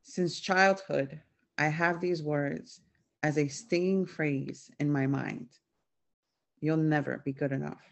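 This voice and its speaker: A woman's voice: deep voice, steady tone, slow pace, gravelly. A woman reading her own church devotional aloud, hesitant with frequent fillers. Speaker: devotional reader.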